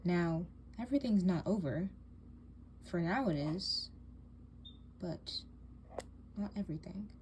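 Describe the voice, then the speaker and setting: A woman's voice: on the low side, lively intonation, a little slow, darkish tone. A woman voicing a bossy, scheming teen girl in a doll drama, cold and taunting, with faint hiss behind her.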